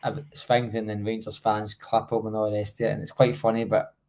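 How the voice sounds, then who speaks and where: A man's voice: lowish voice, little pitch movement, brisk, a little mellow. A Scottish man joining a podcast over a video call as its regular guest, jokey and self-mocking, rambling as he talks. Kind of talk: casual podcast chat.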